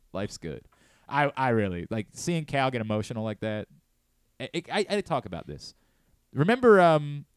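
A man in his late thirties hosts a sports talk radio show from a studio, speaking earnestly and candidly and frequently restarting his sentences. His mid-range voice sounds clean, recorded dry on a close studio mic.

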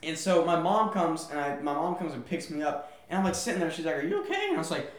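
A young man co-hosting a podcast, telling a story in casual chat and acting out quotes with sudden loud yelps. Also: a little high, steady tone, quick pace. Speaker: podcast co-host. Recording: echoey room.

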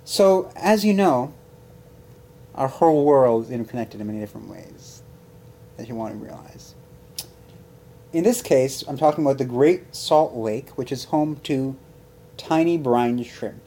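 Very low-voiced deadpan woman. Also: a little slow, pauses often, slight background noise. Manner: deadpan, asks offbeat questions. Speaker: podcast co-host. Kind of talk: casual chat.

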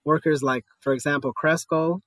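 A cannabis store worker organizing a union tells his story as a guest in a conversational interview, earnest, full of fillers and often tagging on "right?". His voice is a little high and fairly bright, with fairly even intonation at a moderate pace and no room sound.

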